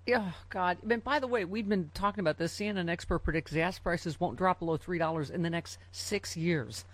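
A woman's voice: on the low side, fairly quick. A woman hosting a news talk show, reading headlines aloud and adding sarcastic asides with frequent fillers.

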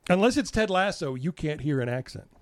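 A man's voice: on the high side, lively intonation, a little fast, no echo, studio quality. A man co-hosting a podcast with his wife, joking and swearing freely in casual chat. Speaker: podcast co-host.

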